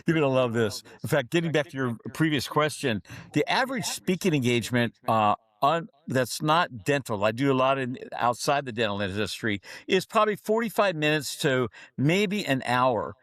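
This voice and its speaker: This middle-aged keynote speaker, guesting on a podcast interview, talks at a moderate pace in a mid-range voice without any echo. He tells his anecdotes vividly, slipping into the voices of the people involved.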